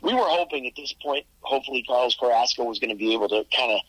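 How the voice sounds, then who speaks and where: A man co-hosting a sports podcast in casual chat, analytical and quick to correct details, with a husky voice. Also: medium pitch, animated, a bit bright, no room sound, low-quality recording. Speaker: podcast co-host.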